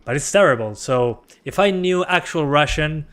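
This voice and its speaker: A man whose first language is Spanish, streaming a game in English, rambling in a relaxed, self-deprecating way and reading his chat aloud. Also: on the high side, moderate pace. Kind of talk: casual gameplay chat.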